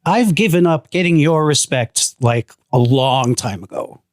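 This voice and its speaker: A man's voice: fairly high pitch, expressive, measured pace, dry recording, clean studio sound. A man co-hosting a horror podcast, talking in a laid-back, wry way. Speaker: podcast co-host. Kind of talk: casual chat.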